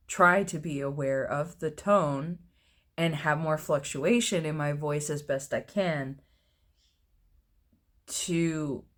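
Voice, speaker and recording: A man in his thirties, chatting casually to camera in a personal vlog, with a low, mellow voice, laughing often at himself. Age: 30s. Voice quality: low, mellow voice with little fluctuation. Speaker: vlogger.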